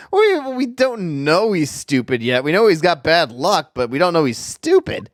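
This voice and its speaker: Man streaming a game, animated voice. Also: fairly high pitch, measured pace, no echo, clean studio sound. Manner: casual, joking, reacting aloud. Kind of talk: game let's play commentary.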